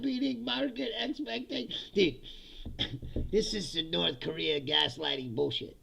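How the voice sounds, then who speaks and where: A man's voice: sits high, unhurried, gravelly, fairly bright tone, muffled recording, slight background noise. A man delivering a profane, sarcastic political comedy rant, laughing between lines. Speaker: political commentator.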